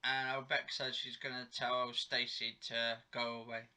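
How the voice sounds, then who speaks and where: A man's voice: mid-range voice, little pitch movement, normal speed, bright, forceful tone, clean tone. A man in his own home giving a rambling, chatty recap of a TV episode, correcting himself as he goes. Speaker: TV episode reviewer. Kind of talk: casual home recap vlog. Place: home living room.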